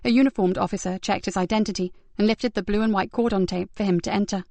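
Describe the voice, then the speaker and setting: A woman reads a crime thriller audiobook in an even, measured voice of middle pitch. The sound is close and dry, with no room around it. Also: creaky, no echo. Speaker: audiobook narrator. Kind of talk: scripted narration.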